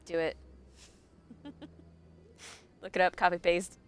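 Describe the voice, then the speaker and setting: A woman's voice: lowish voice, fairly even intonation, slow pace, smooth. Chatty woman streaming a game. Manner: chatty, talks to herself and chat, laughs often. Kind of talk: casual live gameplay commentary.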